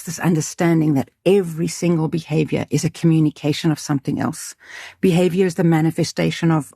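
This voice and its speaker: Warm, husky-voiced woman school leader. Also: low voice, dry recording, clean studio sound. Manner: earnest, emphatic, thinks aloud with restarts. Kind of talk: reflective interview talk.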